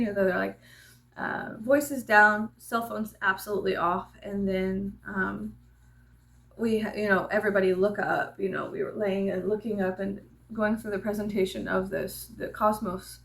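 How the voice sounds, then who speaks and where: A woman vlogger chatting casually, telling an animated, profane story with laughing asides. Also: mid-range voice, normal speed, gravelly.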